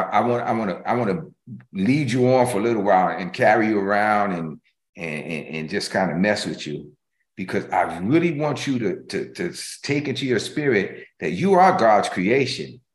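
A man preaching a sermon as pastor. He repeats phrases for emphasis and swings between loud passages and hushed ones. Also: on the low side, moderate pace, roomy sound.

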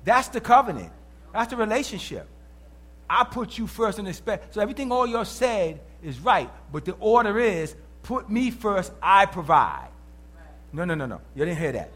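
A man preaching with a high voice that leaps up and down in pitch. He talks in an emphatic, animated way. He keeps checking in with his listeners as he teaches. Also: quick pace, breathy edge. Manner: animated, emphatic, calls out to the congregation. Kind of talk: sermon.

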